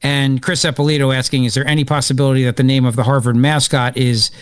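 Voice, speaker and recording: A man hosting live political talk radio, excitable and opinionated, rambling as he reacts to events. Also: mid-range voice, fast, clean tone, no room sound. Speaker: radio talk show host.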